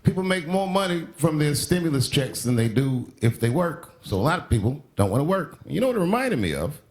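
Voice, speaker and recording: A male stand-up comedian doing a monologue. He swings between deadpan and sharp outbursts. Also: on the high side, a little fast. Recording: TV broadcast with live audience laughter. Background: studio audience laughing.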